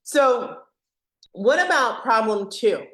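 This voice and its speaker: A woman hosting a live software demo webinar in a casual, joking way, laughing often and acting out what team members say. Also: on the high side, animated, slow pace, echoey room.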